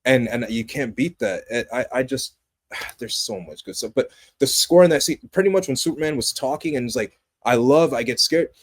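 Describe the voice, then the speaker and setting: A young adult man co-hosting a podcast, chatting casually about a movie in an animated, passionate way that swings from loud excitement to low, earnest tones. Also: a little fast. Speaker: podcast co-host. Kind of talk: casual movie review chat.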